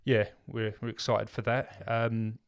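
A man's voice: on the low side, flat delivery, a little slow, smooth. A man co-hosting a podcast in casual chat, rambling with lots of filler words and restarts. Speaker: podcast co-host.

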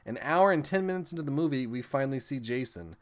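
Fast-talking casual man recapping films. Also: medium pitch, expressive. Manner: rambling, profane, laughs while retelling scenes. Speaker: podcast host reviewing films.

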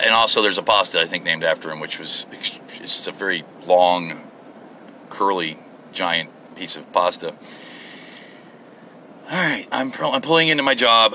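A man's voice: fairly low pitch, creaky, pushed and bright, slight background noise. A man hosting his own podcast, rambling casually and profanely while driving to work. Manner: rambling, profane, self-deprecating. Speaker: podcast host. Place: in a vehicle.

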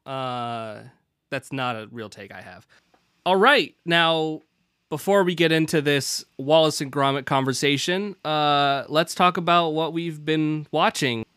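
A man's voice: on the high side, a little slow, fairly bright tone, clear, resonant tone, dry recording, clean studio sound. A man with a Pacific Northwest American accent hosting a casual podcast chat, rambling and self-deprecating, with lots of fillers. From born in Britain, raised in the Pacific Northwest. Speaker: podcast host.

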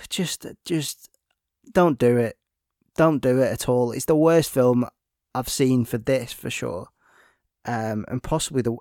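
A man reviewing films in casual chat, with animated, exasperated outbursts and many fillers. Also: mid-range voice, dry recording, studio quality. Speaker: film reviewer.

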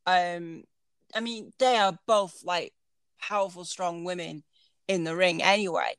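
A woman chats about wrestling matches on a casual podcast, giggling now and then and pausing to find the right word. She is recorded close, with a dry sound and no room echo. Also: lowish voice, fairly even intonation, fairly bright tone, clean tone. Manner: giggly, searches for words, agreeable. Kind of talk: casual chat.

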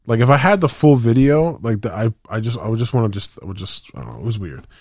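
Fast and animated, this man's mid-range voice carries a slightly mellow quality. He's co-hosting a podcast, chatting loosely with slang, frequent fillers, and restarts. The audio is studio quality, without echo.

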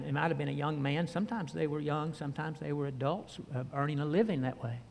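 An older man preaching a sermon, telling a story in a folksy way with fillers and pauses. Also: a little high. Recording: long hall reverb.

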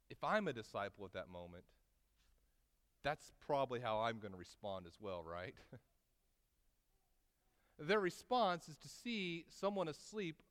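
Male pastor preaching, clear resonant voice, fairly high, long hall reverb. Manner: preaching with wide swings between loud emphasis and quiet asides. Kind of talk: sermon.

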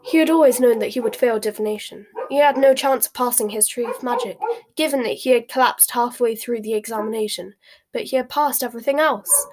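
A woman narrating a storybook with a measured, expressive reading. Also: on the high side, slight background noise. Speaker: audiobook reader.

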